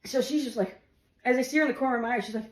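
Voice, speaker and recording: A woman's voice: high-pitched, rapid-fire. Laughing woman telling a story, roomy echo. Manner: laughing through her words, animated, swearing. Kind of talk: casual comic storytelling. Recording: roomy echo with faint music.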